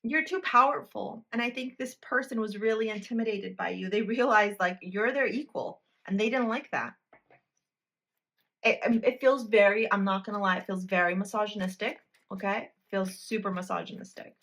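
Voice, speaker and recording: A woman's voice: mid-range voice, normal speed, fairly bright tone. A woman reading tarot cards for a pick-a-card video, talking straight to the viewer in a blunt, emphatic way and swearing freely. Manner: addresses the viewer directly. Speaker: tarot reader.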